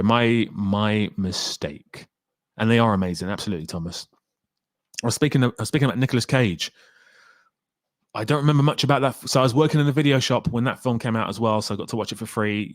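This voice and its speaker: Excitable man hosting a live stream. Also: on the low side, dry recording, studio quality. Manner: lively and excitable, swears freely. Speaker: livestream host reading viewer comments. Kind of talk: casual live-stream chat.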